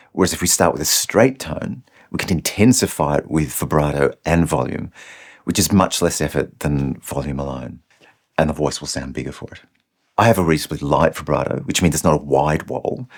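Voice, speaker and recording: A man teaching singing technique in an instructional video, explaining each idea clearly. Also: very deep voice. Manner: explains clearly, breaks off to sing short demonstrations.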